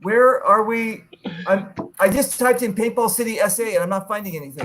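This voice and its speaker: High-voiced man fumbling on a video call. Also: brisk, fairly bright tone, slight background noise. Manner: fumbling, repeats himself while searching online. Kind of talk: casual chat on a video call.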